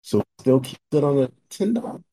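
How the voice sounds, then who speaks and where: A man co-hosting a casual podcast, enthusiastically pitching game deals and repeating himself, heard over choppy online call audio. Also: lively intonation, fairly quick, mellow.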